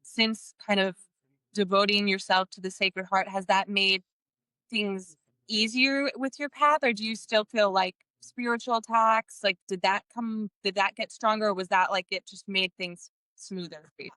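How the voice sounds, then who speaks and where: A woman's voice: medium pitch, fairly even intonation, moderate pace, sharp tone, clean tone, dry recording. A woman hosting a podcast interview, asking earnest questions and often restarting her sentences as she speaks. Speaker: podcast host. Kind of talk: conversational interview.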